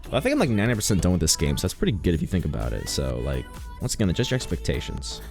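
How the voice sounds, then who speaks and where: Lively low-voiced male streamer. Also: very fast, gravelly, soft background music. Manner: rambling, joking, self-mocking. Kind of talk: casual live-stream commentary.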